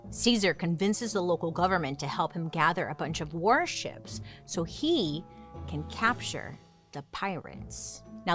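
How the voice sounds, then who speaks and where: Young woman, low-set voice, very lively pitch, sarcastic chatty storyteller, faint music underneath. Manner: chatty, sarcastic asides, dramatic swings. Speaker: host. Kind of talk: comedic history storytelling.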